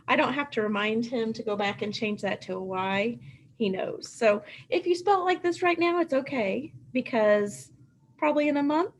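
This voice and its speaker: Woman, first grade teacher, bright sing-song delivery for little kids, slightly high, faint room hum. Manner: animated, sing-song teacher talk, stretching out sounds. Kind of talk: remote writing lesson for children.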